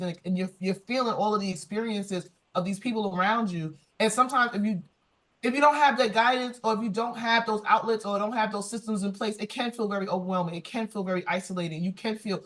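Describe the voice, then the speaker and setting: A woman's voice: medium pitch, a bit bright. A woman speaking earnestly and emotionally on a conference panel, moved to tears. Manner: emotional, tearful, earnest and affirming. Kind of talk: heartfelt panel discussion.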